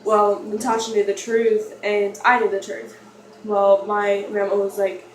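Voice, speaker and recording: A young woman talks to her camera in a loose, confessional ramble, circling back and restarting her sentences. Her voice sits at an ordinary pitch. It carries a roomy echo, sounds set back from the mic, and has a faint hiss behind it. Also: flat delivery, moderate pace. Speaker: vlogger. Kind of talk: personal storytelling vlog. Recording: echoey room, mic far off, faint noise.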